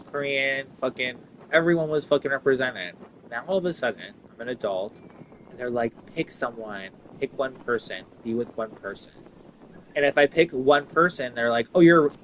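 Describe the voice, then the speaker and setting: A man of middle pitch rambles through a profane, casual rant while he plays a video game. His talk is loose and full of filler words, with a faint hiss of noise behind him. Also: low-quality recording. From Italian. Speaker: gaming streamer. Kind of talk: casual ranting while gaming.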